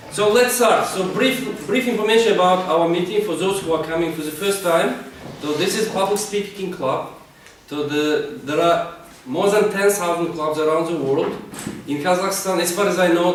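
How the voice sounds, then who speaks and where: Man chairing a meeting in an echoey room. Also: a little high. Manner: hesitant, with frequent fillers and restarts. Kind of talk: informal club introduction. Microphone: distant room mic. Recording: very echoey room recorded from far off, with noise.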